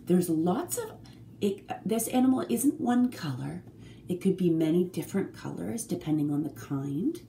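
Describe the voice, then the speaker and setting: A woman leading a children's music therapy group, talking slowly and singing short songs to a guitar. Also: deep voice, slight background noise. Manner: slow, animated, sings short songs to a guitar. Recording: roomy echo with faint guitar.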